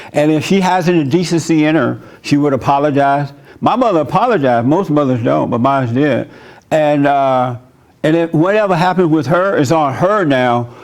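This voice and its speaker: A pastor giving an informal church sermon, talking conversationally, laughing often and telling personal stories. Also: male voice, medium pitch, a little mellow.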